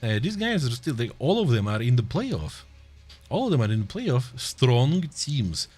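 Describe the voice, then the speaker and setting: A man's voice: mid-range voice, very animated, moderate pace, a little mellow, soft background music. A man with a Russian accent giving casual, joking live esports commentary and chatting with viewers, laughing often. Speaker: esports caster.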